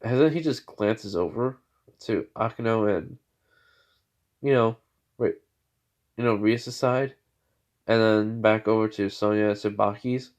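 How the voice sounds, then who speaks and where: A man's voice: on the low side, unhurried, long pauses. A man improvising a spoken fan story, rambling with lots of "you know" and "like" fillers.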